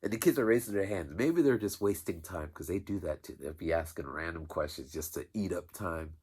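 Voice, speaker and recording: A man, a teacher, telling a rambling school story in an animated, casual way. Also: low voice, brisk, breathy edge. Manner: animated, rambling, with many restarts. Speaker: teacher and vlogger.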